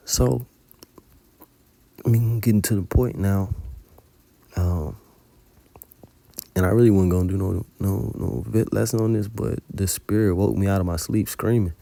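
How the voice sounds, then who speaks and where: Recorded dry, this man's low voice is creaky and dark-toned. He is a religious teacher describing a dream as informal testimony, telling it in colloquial style full of cursing.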